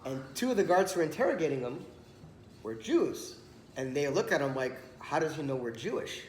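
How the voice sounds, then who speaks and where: Animated high-voiced man telling a story. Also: a little fast. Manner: animated storyteller, acts out dialogue. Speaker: rabbi giving a talk. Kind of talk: storytelling Torah talk. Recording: echoey room, some background noise.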